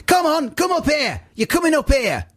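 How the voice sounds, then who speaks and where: A man voicing a loud, aggressive, bossy matriarch woman in a shrill, shouting voice. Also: a little fast.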